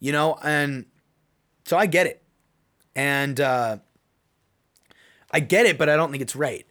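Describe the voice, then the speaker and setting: A man with a slightly high, somewhat slow voice that sounds pushed and bright hosts his own podcast. He's a youth basketball coach, delivering an earnest, rambling opinion monologue full of restarts.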